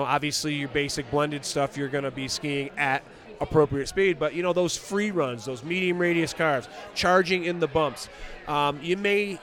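A ski coach and exam selector, speaking in a slightly high, fairly bright voice, gives an outdoor interview. His talk is practical and encouraging.

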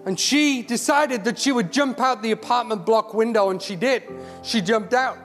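A man's voice: very high voice, moderate pace. A man preaching an impassioned sermon, repeating words as he builds. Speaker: charity CEO, guest preacher. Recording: hall reverb with music.

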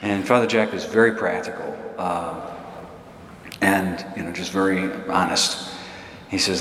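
A man's voice: sits low, fairly even intonation, measured pace, long pauses, fairly bright tone, a little hiss or hum. A middle-aged man, a parish priest, telling a chatty, self-deprecating story in a homily and laughing often. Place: church. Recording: echoey church hall.

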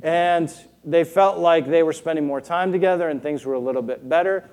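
Mellow-voiced preacher, earnest and rhetorical. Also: male voice, on the high side, fairly quick. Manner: earnest, rhetorical, keeps asking "right?". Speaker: pastor. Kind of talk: sermon.

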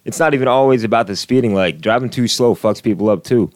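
A young college student in casual chat, making quick opinionated remarks with many fillers. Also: male voice, medium pitch, darkish tone, no echo, studio quality. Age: young adult.

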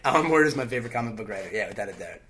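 A man chatting as a podcast guest, joking and cursing with quick asides. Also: lowish voice, expressive, a bit bright, a little hiss or hum. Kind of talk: casual comedic chat.

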